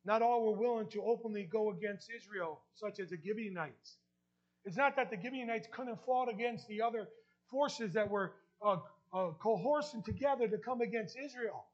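Pastor guy w/ new jersey accent, really high voice, preaching hard, dull lo-fi sound. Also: moderate pace. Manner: emphatic, repeats key lines, asks the congregation questions. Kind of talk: sermon.

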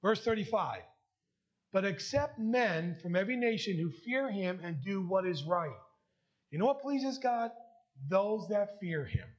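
A man's voice: high-pitched, lively intonation, a little slow, muffled recording. A man preaching a heartfelt sermon and sharing his testimony, emotional at times. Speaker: pastor.

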